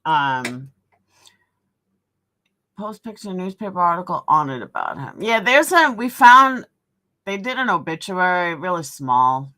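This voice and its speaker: A woman's voice: on the low side, very animated, measured pace, pauses often, sharp tone. Blunt New York woman live-streaming. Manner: blunt, opinionated, reads out viewer comments. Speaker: livestream host. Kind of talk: casual live-stream chat.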